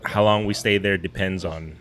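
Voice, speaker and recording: A man's voice: deep voice, steady tone, moderate pace, a bit bright, faint music behind. A man co-hosting a fishing podcast from a brewery, chatting casually with a rambling, laid-back manner. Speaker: podcast co-host. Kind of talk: casual chat. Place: brewery taproom.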